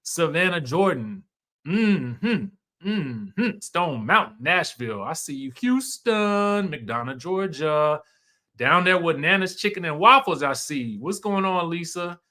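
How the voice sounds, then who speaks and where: Speaking unhurriedly in a slightly high voice, this male host greets viewers on a casual live stream. His commentary is animated and emphatic, with phrases repeated for effect.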